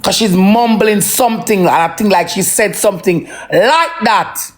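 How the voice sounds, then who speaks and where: A parent with a Jamaican accent in an emotional, profane ranting monologue that swings between slow brooding and heated outbursts. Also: mid-range voice. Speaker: social media livestreamer.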